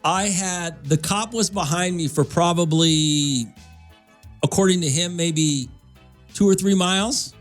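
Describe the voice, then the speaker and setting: A man hosting a morning radio show, talking in a relaxed, rambling way and laughing often. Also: sits high, measured pace, soft background music. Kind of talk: casual morning radio chat.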